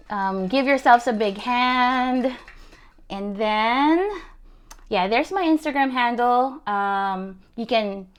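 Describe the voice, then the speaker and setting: A young woman teaching an online calligraphy workshop from her desk, chatty and encouraging, laughing often and filling pauses with ums. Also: a little high, clean tone. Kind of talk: casual online workshop demonstration.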